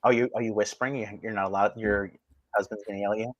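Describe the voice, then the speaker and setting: A man hosting a live stream, ranting crudely and mockingly, his voice swinging from loud outbursts to low mutters. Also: fairly even intonation, fast talker, no echo, dull audio. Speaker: livestream host. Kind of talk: crude provocative livestream rant.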